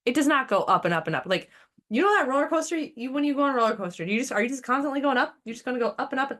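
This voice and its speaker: A woman's voice: sits high, very fast. Blunt, chatty woman podcast host. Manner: blunt and profane, animated; chatty, with fillers and sidetracks. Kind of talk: casual spiritual podcast talk.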